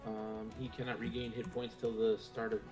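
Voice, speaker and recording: A young player stating his rolls and moves plainly, without fuss. His voice sits mid-range. Music is clearly audible in the background. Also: on the low side, moderate pace. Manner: steady, matter-of-fact dice calls. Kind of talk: casual tabletop play.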